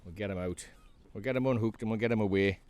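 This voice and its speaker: With a lowish voice and a quick pace, a fishing vlogger from North East England narrates his kayak trip at sea, chatty and excitable, chatting to each fish he lands. A little hiss or hum runs under the audio.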